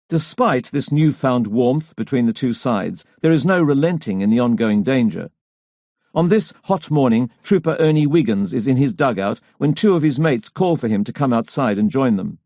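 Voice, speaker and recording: A man narrates a history audiobook in a measured, dramatic reading. His voice sits at a middle pitch. The sound is dry and close to the mic. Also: mellow, no echo. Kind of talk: scripted narration.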